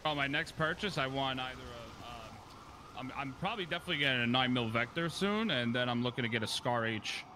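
A man's voice: mid-range voice, animated, a little fast, pushed and bright, a little hiss or hum. A young man in casual voice chat, laid-back and boastful, swearing freely. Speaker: game player chatting out of character.

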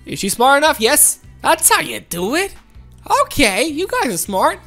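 A woman's voice: high-pitched, very animated, moderate pace, fairly bright tone, soft background music. A woman giving casual gameplay commentary, playful and coaxing her teammates, often laughing. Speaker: gaming commentator.

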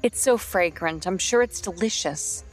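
A woman voicing a polite, soft-spoken young woman stranded in a beast world, in a storybook. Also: on the low side, moderate pace, soft background music, close to an everyday voice. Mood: pleased.

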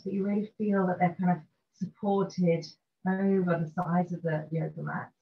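A woman teaching a restorative yoga session, guiding gently and calmly through poses and breathing. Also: lowish voice. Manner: gentle, slow and soothing guidance. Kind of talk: guided restorative yoga instruction. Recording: dull lo-fi recording with faint noise.

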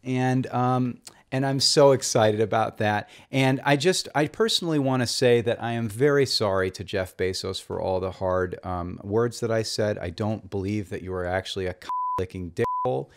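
A man hosting a comedy review show, delivering a mock-earnest monologue in a deadpan, rambling way with constant hesitations. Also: fairly low pitch, moderate pace. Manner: rambling, full of fillers and restarts, deadpan.

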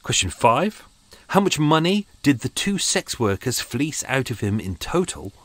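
A man's voice: mid-range voice, very animated, measured pace, a bit bright, dry recording. Chatty British man hosting a podcast. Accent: British English. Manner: chatty, self-mocking, rambling asides. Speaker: podcast host. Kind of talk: casual chat. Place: home studio.

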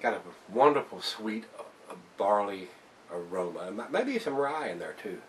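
A man's voice: fairly low pitch, very animated, normal speed, distant mic, slight background noise. A man giving a casual, folksy beer review to camera, chatting to viewers as guys. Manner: folksy, laid-back, keeps calling viewers "guys".

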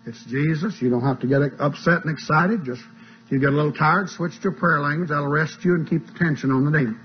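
A man's voice: on the high side, fairly quick. A man preaching a sermon in a folksy, plain-spoken teaching manner, on a dull lo-fi tape with a mains hum.

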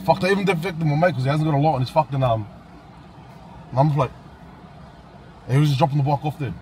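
Young aussie bloke swearing n laughing thru a story on his phone, kinda high voice, traffic going by. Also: fast. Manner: profane, laughing, animated storytelling. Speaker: vlogger. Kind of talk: casual chat. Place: outdoors near traffic. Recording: street and traffic noise.

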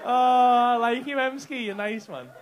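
A man's voice: extremely high pitch, unhurried, highs cut off. A man doing cheeky, sweary crowd work on stage at a comedy club. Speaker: stand-up comedian. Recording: live club recording with crowd noise. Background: loud audience laughter.

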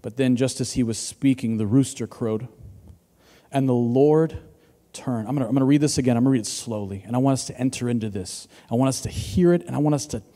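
A man in his thirties preaching a sermon as a pastor, moving between loud emphasis and hushed near-whispers. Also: medium pitch, quick pace. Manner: dynamic, swings from loud to hushed. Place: church hall. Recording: church hall with long reverb.

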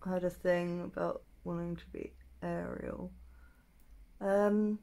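In a chatty makeup tutorial vlog, a young beauty vlogger speaks slowly in a lowish voice with vocal fry. She thinks aloud over each question, pausing with lots of ums and gently teasing herself. The feel is close and casual, as if she's talking to camera while she works.

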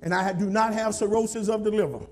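A man preaching a sermon as pastor, scolding and repeating himself to the congregation, sometimes shouting. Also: high voice, fairly even intonation, fast.

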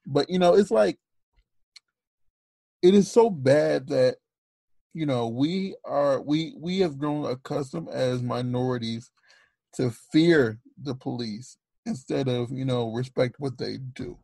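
A man with a gravelly, creaky voice speaks earnestly, often stammering and restarting. He keeps his pitch lifted above his natural deeper range. The recording is dry and close. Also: slow, mellow, no echo. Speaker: podcast co-host. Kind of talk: casual podcast talk.

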